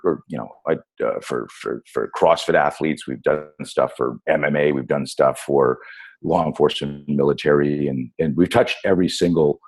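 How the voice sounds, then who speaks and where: A man in his fifties with an extremely deep voice tells stories as a podcast guest. His voice is husky, and he talks in an animated way, full of fillers and restarts. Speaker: guest, self-defense instructor. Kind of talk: casual storytelling interview.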